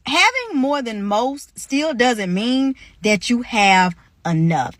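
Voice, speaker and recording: A woman's voice: mid-range voice, a bit bright, no room sound. A woman from North Carolina giving emphatic, persuasive commentary about income and living costs, asking viewers directly. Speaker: content creator talking about income. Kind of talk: opinionated commentary to camera.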